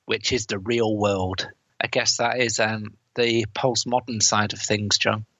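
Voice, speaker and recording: A man co-hosts a casual film review podcast, walking through the plot and throwing in quick quoted lines. His voice is a little husky and sits at an ordinary pitch. The recording is dry and somewhat dull, like a basic home podcast mic. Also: little pitch movement, bright, forceful tone, no room sound. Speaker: podcast co-host.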